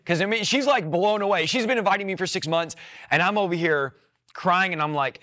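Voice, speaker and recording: Man, 30s, preacher's testimony, animated storytelling, acted-out quotes, fairly high voice, forceful and bright. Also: fairly quick. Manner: animated storyteller who acts out his own quoted words. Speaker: preacher sharing his testimony. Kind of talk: personal testimony.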